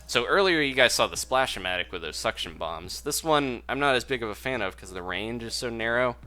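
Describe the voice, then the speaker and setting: A man's voice: medium pitch, animated, brisk, bright, forceful tone. A man giving chatty live commentary while playing a game, laughing often and reading viewer messages aloud. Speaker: game streamer. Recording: game music behind voice. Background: game music.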